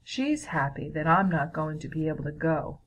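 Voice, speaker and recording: A woman's voice: deep voice, animated, moderate pace, a little hiss or hum, poor audio. A woman doing a sulky young boy. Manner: sulky, frustrated. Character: upset young boy sulking.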